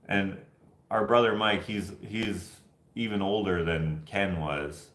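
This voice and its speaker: This Canadian livestream host has a lowish voice and a roomy sound. Chatting casually and reading comments from viewers, he wanders through lively stories, performing the voices of each character.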